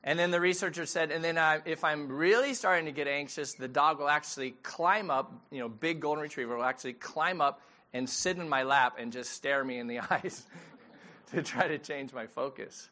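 A man's voice: fairly high pitch, normal speed, bright, forceful tone. A middle-aged man, a pastor giving a sermon in a conversational storytelling way and asking the audience questions.

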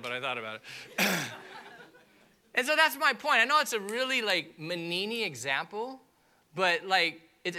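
A man preaching a sermon to a church congregation, telling a funny personal story with lively asides and impressions. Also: high-pitched. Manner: animated storytelling with comic impressions and audience asides. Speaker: pastor. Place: church auditorium.

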